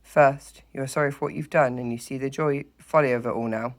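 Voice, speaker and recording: A teacher reading aloud, voicing a stern, solemn old male badger who speaks gravely and with authority. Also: medium pitch, steady tone, lightly acted. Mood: formal. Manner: grave, commanding, deliberate. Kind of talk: storybook read-aloud.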